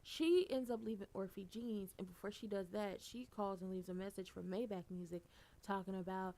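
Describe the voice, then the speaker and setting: A woman giving a casual, animated recap, blunt and profane, and she gets loud for emphasis. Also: medium pitch, a little fast. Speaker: soap opera recapper.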